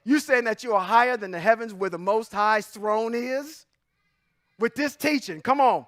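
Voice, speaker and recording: A man's voice: high voice, moderate pace, a bit bright, no echo, clean studio sound. A man giving an informal Bible teaching, emphatic and full of rhetorical questions, chuckling often and saying "y'all". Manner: informal, says y'all and come on now. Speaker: religious teacher.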